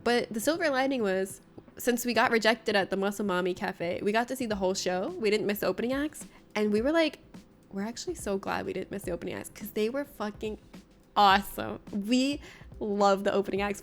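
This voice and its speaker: A woman's voice: medium pitch, brisk. A woman from Florida chatting casually with her viewers during a livestream, telling stories and laughing often. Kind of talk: casual chat with viewers during a game stream.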